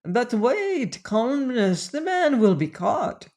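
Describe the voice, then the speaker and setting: A man's voice: sing-song, slow, darkish tone, exaggerated voice. A man voicing a frightened French hotel manager with a French accent who bleats and wails in protest. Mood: pleading. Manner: high, bleating, wailing.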